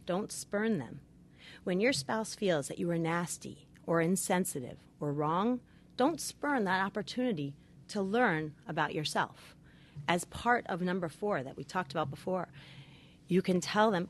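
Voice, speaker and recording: A woman's voice: lowish voice, lively intonation, normal speed, slight background noise. A middle-aged woman, a marriage therapist, giving earnest, emphatic advice point by point. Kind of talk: advice talk with numbered points.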